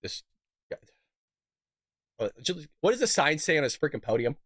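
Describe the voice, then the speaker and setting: A man's voice: fairly high pitch, sing-song, moderate pace, a bit bright, no room sound, clean studio sound. A male show host giving a sarcastic, indignant political rant, sick and coughing. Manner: sarcastic, indignant, rhetorical questions.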